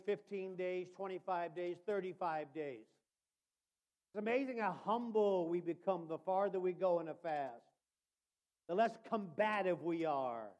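A male preacher giving a sermon, calling out to listeners by name and swinging from hushed asides to shouted emphasis. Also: high voice, muffled recording. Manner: addresses listeners by name as brother.

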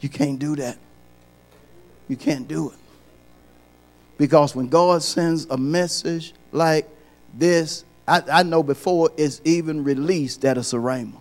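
A man preaching a sermon as pastor, repeating his points and building from quiet lines to loud, high, shouted peaks. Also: unhurried, pauses often.

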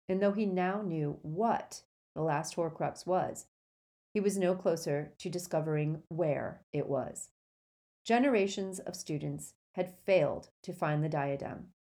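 A woman with a fairly low voice reads a storybook aloud. Her narration stays steady and measured.

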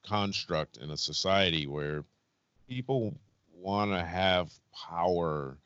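A man co-hosting a podcast, talking things through calmly in casual chat. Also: sits low, slow pace, clean tone, no echo, dull audio. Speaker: podcast co-host.

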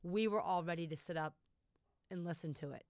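Animated woman storyteller, dry studio sound. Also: lowish voice, a little fast, no echo. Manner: animated storyteller, laughs easily. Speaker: podcast guest, poet. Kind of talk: casual conversation with poetry reading.

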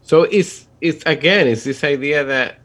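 A man's voice: fairly high pitch, measured pace, a bit bright. A man co-hosting a casual movie podcast, earnestly laying out an analytical argument. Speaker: podcast co-host. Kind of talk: casual film discussion.

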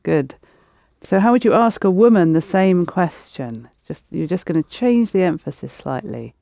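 Teacher, patient step-by-step explainer, medium pitch, dry close sound. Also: lively intonation, normal speed, gravelly, warm tone, no room sound. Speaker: language teacher. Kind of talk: guiding students through spoken drills.

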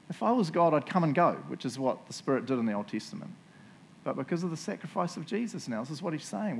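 A middle-aged man with a New Zealand accent preaches in a loose, chatty way. He cracks jokes and keeps tossing "right?" and "eh?" to the congregation, at an ordinary middle pitch. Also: vocal fry, a little hiss or hum. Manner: casual, jokey and conversational, often asking the crowd "right?" and "eh?". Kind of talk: sermon.

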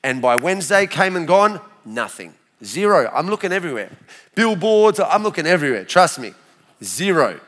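Australian man, forties, church testimony, animated storyteller, slightly high voice. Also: moderate pace. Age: 40s. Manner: lively storytelling, animated asides to the crowd. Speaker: speaker sharing his testimony.

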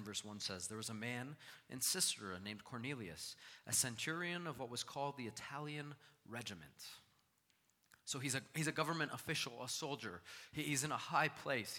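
Male pastor, animated sermon delivery, bright forceful voice, long hall reverb. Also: mid-range voice. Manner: animated preaching, acting out scripture voices.

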